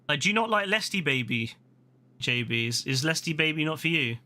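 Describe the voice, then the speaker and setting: A man giving casual, rambling gameplay commentary as a streamer, playful and quick to swear and laugh. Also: a little high, animated, pushed and bright. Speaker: gaming streamer.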